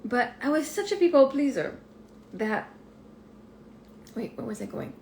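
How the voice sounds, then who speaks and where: A woman with a Québécois French accent, talking through a live podcast monologue, animated, laughing often and swearing freely. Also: on the high side, a little slow. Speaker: life coach podcast host. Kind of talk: live-streamed personal monologue. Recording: echoey room with faint ambient noise.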